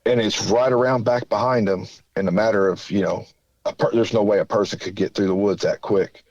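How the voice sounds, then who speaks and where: Folksy rambling man, low voice. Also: fairly even intonation, fairly quick, darkish tone, no echo, muffled recording. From southern Indiana. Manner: rambling, folksy, many fillers. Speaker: caller. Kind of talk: casual storytelling.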